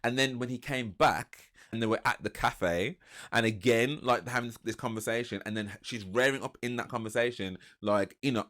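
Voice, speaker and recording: A man's voice: mid-range voice, moderate pace. Chatty man reacting to TV. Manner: rambling, restarts and animated retelling. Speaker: reaction video host. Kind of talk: casual reaction commentary.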